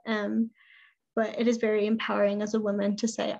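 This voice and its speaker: A woman's voice: a little high, little pitch movement, a little fast, darkish tone. A woman who owns an esthetics business, chatting casually as an interview guest and talking with many "like" and "I mean" fillers. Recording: dull lo-fi sound.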